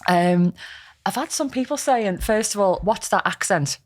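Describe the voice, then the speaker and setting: A woman from Liverpool talks with a broad Scouse accent as a podcast co-host. She chats in a lively, animated way, laughs easily and peppers her speech with local slang. Her pitch sits in the middle range for a woman. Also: measured pace. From Liverpool, England. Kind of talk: casual chat.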